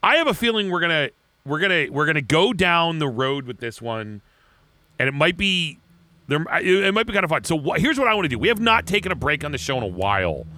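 A man's voice: on the high side, very animated, fast talker, bright, forceful tone, no echo. A man co-hosting a podcast, rambling through casual chat with crude jokes and constant restarts. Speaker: podcast co-host.

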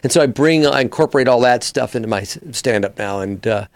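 Man, comedian, voice actor, animated storyteller, character voices, dry sound. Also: medium pitch, fast, no echo. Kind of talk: casual interview chat.

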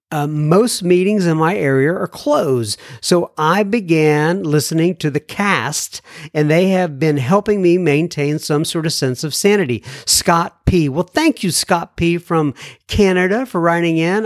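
A man's voice: a little high, no room sound, studio quality. A man from Texas hosting a podcast, casually reading and answering listener messages. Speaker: podcast host.

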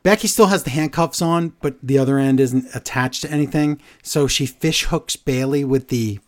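A man co-hosting a podcast, recapping matches in casual, animated storytelling and putting on voices for the lines he quotes. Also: mid-range voice, moderate pace. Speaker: podcast co-host.

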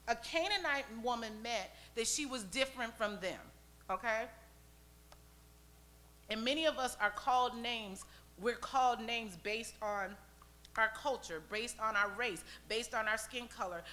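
High bright-voiced woman pastor preaching. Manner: preaching with call-and-response questions to the congregation; acts out the voices of people in a scripture story. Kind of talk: sermon.

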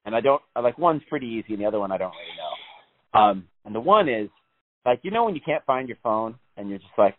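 A man talking casually on a podcast, rambling along with plenty of laughter and swearing. His pitch swings widely as he talks. The sound is thin and tinny, like a phone line. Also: sing-song, quick pace. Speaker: podcast co-host. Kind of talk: casual chat.

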